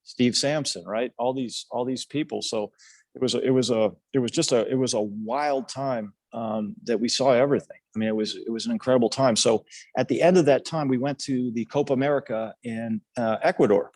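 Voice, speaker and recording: A man's voice: mid-range voice, steady tone, fairly quick, darkish tone, dry recording. An older man, a former national team player, telling his story casually on a podcast, earnest and rambling with many restarts and fillers.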